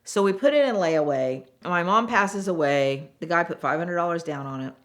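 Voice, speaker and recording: A middle-aged woman, a former car saleswoman, telling frank stories in a chatty, animated way and acting out the voices of the people in them. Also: lowish voice, moderate pace. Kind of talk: casual storytelling interview.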